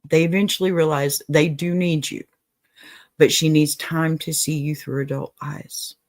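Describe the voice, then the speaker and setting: A woman's voice: low voice, fairly even intonation, normal speed. A woman hosting an advice show, talking casually and reassuringly to a viewer. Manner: gentle, reassuring, apologetic asides. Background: dog in the room.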